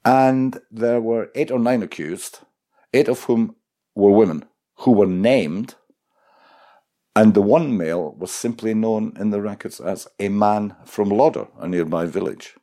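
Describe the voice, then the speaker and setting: A man's voice: lowish voice, measured pace, warm tone. A man interviewing a guest, asking questions in a conversational way.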